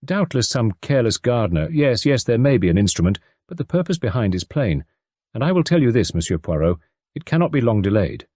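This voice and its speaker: A man voicing a grave, doomed gentleman. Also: medium pitch, sing-song, a little fast, dry recording, clean studio sound. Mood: resigned. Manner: grave, resigned. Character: stooped, fatalistic older English gentleman, gloomy.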